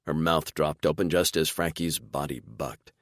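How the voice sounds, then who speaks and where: A man narrating a fantasy romance audiobook in first person, with expressive storytelling. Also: extremely low pitch, moderate pace, no echo, studio quality. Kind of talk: scripted narration.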